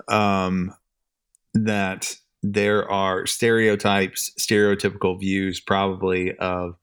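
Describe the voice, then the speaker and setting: A middle-aged man co-hosts a casual podcast about church leadership, sounding thoughtful as he searches for his words. His deep voice is smooth and a bit bright, and the recording is dry.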